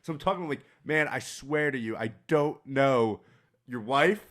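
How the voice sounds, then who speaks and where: A man's voice: mid-range voice, expressive, a little slow, a bit bright. A young man co-hosting a podcast, telling a story in casual, profane chat and acting out the voices of people he quotes. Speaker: podcast co-host.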